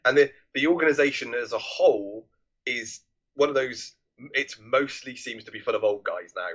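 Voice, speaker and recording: A man's voice: mid-range voice, moderate pace, a bit bright, slightly rough, muffled recording. A man co-hosting a casual film review podcast, rambling with many restarts and swearing freely. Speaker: podcast co-host.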